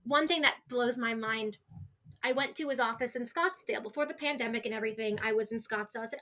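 Twenty-something woman on a podcast, bright kinda high voice, open and emotional, keeps restarting her sentences. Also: fast. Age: 20s. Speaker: podcast guest. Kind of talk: candid conversational interview.

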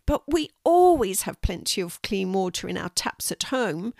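A woman's voice: mid-range voice, very animated, moderate pace, creaky, darkish tone, dry recording, studio quality. A woman voicing a curious young boy in a children's storybook, complaining and irritable about the heat. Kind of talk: storybook reading.

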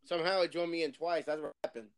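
A man co-hosting an online chat, rambling in halting, profane phrases. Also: fairly high pitch, steady tone, clear, resonant tone, no echo, clean studio sound. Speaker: podcast co-host. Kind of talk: casual chat. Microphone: online voice call.

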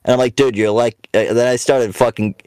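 A young man hosting a casual podcast speaks at medium pitch, brisk and steady, with a clean, slightly mellow tone and no echo in a dry, close recording. He swears a lot, telling rambling stories and ranting mockingly.

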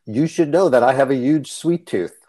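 A man's voice: medium pitch, normal speed, warm tone, close to an everyday voice. An actor playing a pompous, declaiming man at a speed dating event in a comedy sketch.

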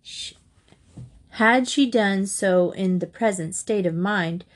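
A woman reading a classic children's novel aloud in a measured storytelling manner. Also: medium pitch. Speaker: audiobook narrator.

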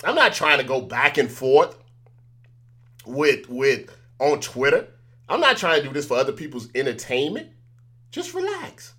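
In casual on-camera commentary, a man hosting a news show addresses viewers directly, emphatic and repetitive, chuckling between points. He has a medium pitch with big swings, a bright, forceful, husky tone, normal speed, and long pauses.

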